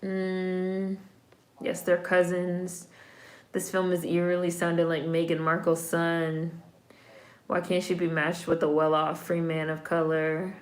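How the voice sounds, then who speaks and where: A woman's voice: fairly low pitch, monotone, unhurried, roomy sound. A woman giving casual commentary while watching a film, chatty and wry, with slang asides. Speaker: film reaction vlogger.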